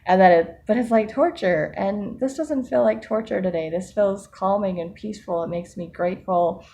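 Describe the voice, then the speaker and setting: A woman talking in a casual personal vlog, reflective and earnest, often laughing softly and restarting her sentences. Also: medium pitch, moderate pace, a little hiss or hum. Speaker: vlogger.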